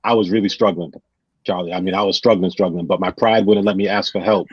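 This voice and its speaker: In casual chat, a podcast guest with a New England accent tells stories and animatedly acts out what his friends said. His voice is low and breathy and he talks quickly. The recording is dry, with a dull lo-fi sound.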